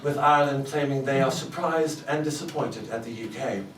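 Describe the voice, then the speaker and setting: A man playing a slow, formal, deadpan news anchor. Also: mid-range voice, a little hiss or hum, natural voice. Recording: roomy club from far off, audience.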